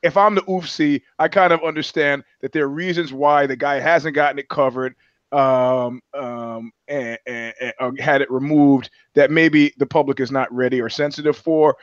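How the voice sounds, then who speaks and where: With a medium pitch, fairly even intonation, and moderate pace, a podcast co-host rambles through casual comedic chat, cursing, doing voices, and restarting sentences a lot. The recording has no room sound and its highs are cut off.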